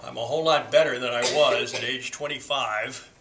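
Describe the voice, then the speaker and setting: A man in his seventies telling a story to a class in a folksy, unhurried way with frequent fillers. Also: medium pitch, steady tone, fairly bright tone, low-quality recording. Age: 70s. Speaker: class speaker.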